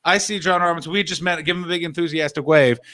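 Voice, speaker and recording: A man hosts a casual live stream, talking in loose, rambling stories. His voice sits a little high. He keeps breaking off into asides, and it sounds like a video call. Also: quick pace, sharp tone. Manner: rambling storyteller, many restarts and asides. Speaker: streamer and host. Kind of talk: casual chat.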